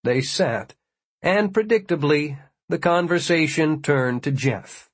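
A man narrating an audiobook in a measured, even storytelling manner. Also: fairly high pitch, dry recording.

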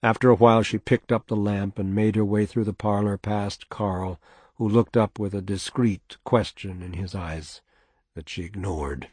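A man reads a novel aloud in a measured, even manner, with a husky voice. The recording is dry and close, with no room sound. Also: on the low side, no echo. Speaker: audiobook narrator. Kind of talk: scripted narration.

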